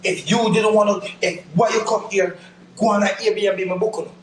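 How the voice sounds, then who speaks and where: A Jamaican man hosting a live stream, excitedly shouting hype at his viewers during a battle. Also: sits high, normal speed, a little hiss or hum.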